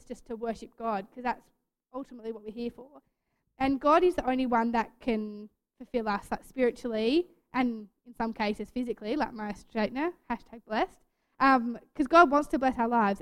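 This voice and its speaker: A woman's voice: a little high, clean tone. A young woman telling a chatty personal story in a casual devotional talk to a youth group, full of "like" fillers.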